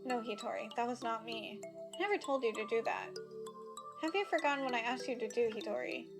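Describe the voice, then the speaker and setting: A woman doing a quiet ghost boy. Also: fairly high pitch, brisk, lightly acted. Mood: pleading. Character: ghostly schoolboy voice, sad and accusing. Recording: game music playing behind.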